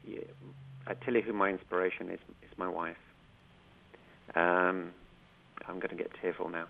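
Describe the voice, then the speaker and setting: Middle-aged male guest, earnest and emotional, gravelly low voice heard over a phone line. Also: flat delivery, a little slow, pauses often. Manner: earnest, emotional, repeats words for emphasis. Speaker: guest, inspirational coach. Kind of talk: heartfelt storytelling interview.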